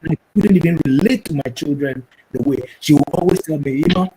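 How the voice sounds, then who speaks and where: A man's voice: fairly high pitch, a little fast, few pauses, slightly rough, poor audio. A middle-aged man from Ghana, a pastor, talking earnestly on a family talk show and jumping into livelier voices when he quotes others. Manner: earnest, preacherly, animated when quoting others.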